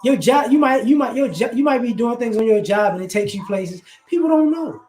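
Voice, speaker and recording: Animated high-voiced man in an echoey room. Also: brisk. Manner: animated, acts out both sides of conversations. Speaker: livestream host giving advice. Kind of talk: casual advice monologue.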